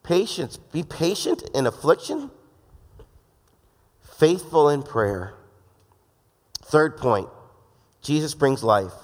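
A male pastor with a fairly high voice preaches in a loose, joking style and slips into the voices of the people he quotes. His voice rings out with a long reverb, as in a large church hall. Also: big pitch swings, takes it slowly, pauses often. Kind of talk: sermon.

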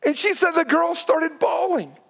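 A man in his forties preaches a sermon with a notably high voice. He tells stories and acts out the people in them, pressing his points with urgency. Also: moderate pace, gravelly, fairly bright tone, shouting. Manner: storytelling with acted quotes, urgent emphasis. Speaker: pastor.

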